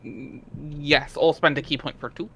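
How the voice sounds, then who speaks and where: A man playing a tabletop game, excitable and quick to laugh in casual chat. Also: fairly high pitch, gravelly, husky. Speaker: player.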